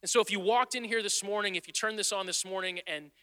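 A man preaches in an earnest, chatty style, circling back to the same phrases for emphasis. His voice sits high and rings very bright. A long reverb trails each line through the church hall. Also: fast talker. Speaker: pastor. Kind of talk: sermon. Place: church sanctuary.

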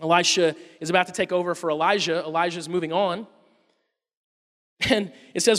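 A man preaching a sermon, telling the story in an animated way and acting out the quotes. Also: sits high, moderate pace, pauses often, in a large hall.

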